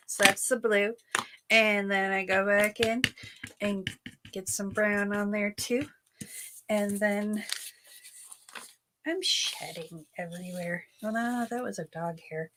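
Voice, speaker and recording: A woman's voice: mid-range voice, slow pace, pauses often. A woman hosting a live crafting stream, chatting casually and thinking aloud as she works. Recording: noisy room recording.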